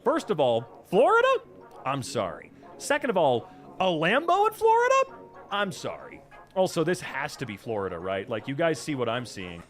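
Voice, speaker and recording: A man's voice: on the high side, normal speed, soft background music. A man hosting a casual reaction stream, ranting sarcastically with lots of profanity. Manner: animated, profane, sarcastic rants. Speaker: VTuber streamer reacting to posts.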